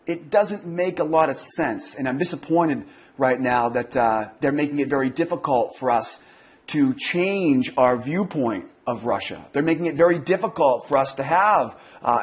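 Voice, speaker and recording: An American man in his thirties giving casual, rambling day trading market commentary, talking with many fillers and restarts. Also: on the high side. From United States. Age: 30s. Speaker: day trading newsletter host.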